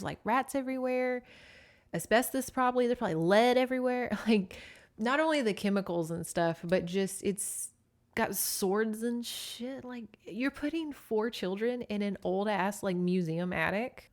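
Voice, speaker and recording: A woman's voice: medium pitch, moderate pace. A young woman, hosting a casual podcast book recap in a chatty, profane way with laughing asides. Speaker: podcast host.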